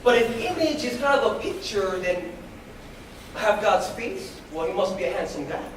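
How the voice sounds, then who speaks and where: High-voiced fervent man preaching in an echoey hall. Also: big pitch swings, normal speed, far from the mic, a little hiss or hum. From United States. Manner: fervent, leads call-and-response, breaks into shouts. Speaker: motivational speaker. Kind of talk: preaching inspirational talk. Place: school hall before a live audience.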